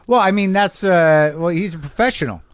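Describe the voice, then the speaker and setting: A man's voice: sits high, brisk, clear, resonant tone, no echo. A man hosting a podcast, musing in a rambling, self-deprecating way and chatting casually with a guest. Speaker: podcast host. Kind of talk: casual chat.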